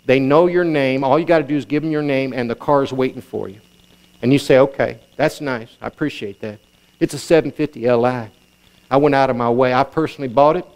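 A male pastor preaching a sermon, telling a long example story and moving from quiet, confiding lines to raised, urgent exhortation. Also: steady tone, fairly quick. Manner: storytelling preacher, swings from low confiding tones to raised exclamations.

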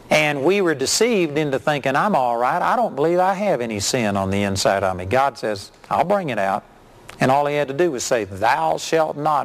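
A middle-aged man preaching a sermon, telling folksy, animated stories. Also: on the high side. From Texas.

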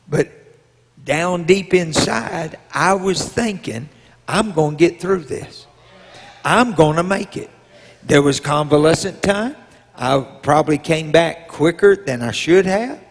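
Older preacher shouting in a hall. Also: male voice, a little high, vocal fry, breathy edge. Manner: preaching with shouted calls to the congregation. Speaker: bishop. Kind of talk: sermon. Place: large church sanctuary. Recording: long hall reverb.

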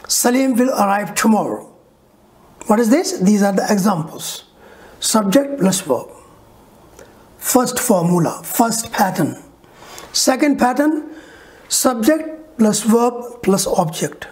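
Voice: mid-range voice, a little mellow. An English teacher giving a recorded lesson, saying each example word twice and checking in with the listener.

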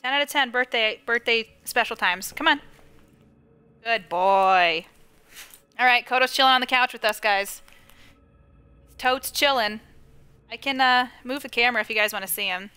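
A high, bright-voiced woman gives live commentary on a horror game from her couch at home. She talks close to the microphone, jumps at scares, giggles often, and chats with her viewers and her dog. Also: moderate pace, pauses often, clear, resonant tone. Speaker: game streamer.

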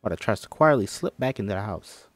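Lively man reading stage directions. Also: on the low side, fast talker, no room sound, faint music behind. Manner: lively, with joking asides. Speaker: screenplay reader.

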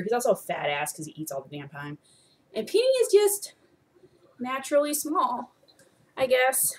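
A woman's voice: mid-range voice, a little mellow. Young woman rambling to her followers on a webcam, lots of ums, swears here and there, mid-range voice. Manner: rambling, chatty, many ums, swears casually. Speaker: vlogger. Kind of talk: casual chat to followers. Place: at home by her desk.

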